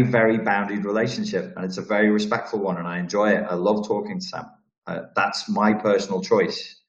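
A man with a Scouse accent hosting a live question-and-answer stream, blunt and profane, rambling with restarts. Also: fairly low pitch. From Liverpool, England. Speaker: channel host answering viewer questions. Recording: roomy, dull lo-fi sound.

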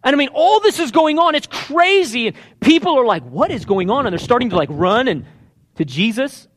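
A man's voice: very high-pitched, big pitch swings, a little fast, fairly bright tone. A man preaching a sermon, telling a story with energy and acting out the characters' voices. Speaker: pastor.

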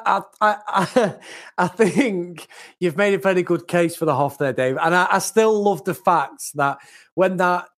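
A UK man co-hosts a podcast in casual chat, animated and mocking and laughing often. His voice is high and his pace a little slow.

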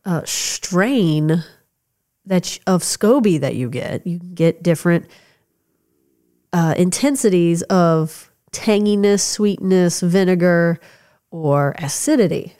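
A woman's voice: lowish voice, slow, mellow. A woman with a stuffed-up nose co-hosting a podcast, explaining things in an upbeat, casual way. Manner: explanatory, upbeat, laughing easily. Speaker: podcast co-host. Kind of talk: casual chat.

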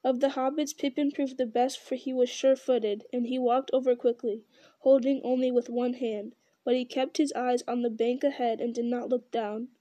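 A woman reading a fantasy novel aloud at a steady pace, with occasional slips and repeated words. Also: a little high, normal speed, no room sound. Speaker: reader.

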